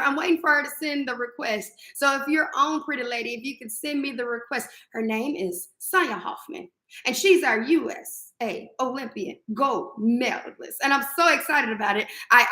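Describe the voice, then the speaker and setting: Woman, high bright voice, exuberant live-stream host, echoey room. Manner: exuberant, preachy, sings and affirms. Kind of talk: faith-filled morning live-stream chat.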